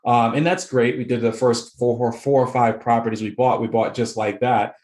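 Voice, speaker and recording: A laid-back man from the Boston area with a mid-range voice, talking as a podcast guest. He laughs easily and strings his thoughts together with plenty of fillers. The sound carries a clear echo of the room around him. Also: medium pitch, steady tone, normal speed, a little mellow. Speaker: guest, real estate investor. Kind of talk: casual interview chat.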